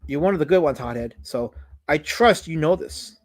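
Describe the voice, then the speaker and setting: A man's voice: fairly high pitch, lively intonation, normal speed. Man hosting a drawing stream, mock-offended. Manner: mock-offended, theatrical fake whining. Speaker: livestream host. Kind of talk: casual live-stream chat while drawing.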